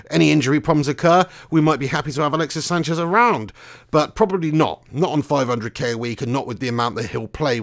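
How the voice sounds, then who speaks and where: A young man, hosting a casual live stream, chatty and swearing freely, laughing often. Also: medium pitch. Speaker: fan channel host.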